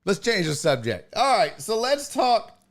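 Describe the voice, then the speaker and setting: A man's voice: sits high, very animated, unhurried, fairly bright tone. A man hosting a live stream show, chatting casually and profanely and greeting viewers by name. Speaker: podcast host on a live stream. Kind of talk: casual chat, reading out live chat.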